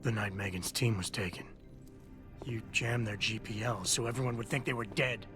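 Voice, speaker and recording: An actor playing a hard-edged augmented agent in a game, speaking in a terse, flat way. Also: male voice, on the low side, moderate pace, lightly acted. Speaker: game protagonist. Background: game music.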